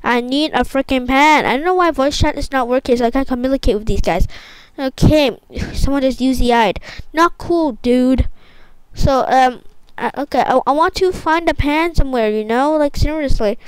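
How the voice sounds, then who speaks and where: A young woman commentating her own gameplay, excitable and repetitive, often exclaiming. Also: high voice, moderate pace, clean tone, dry recording, low-quality recording. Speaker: gaming YouTuber.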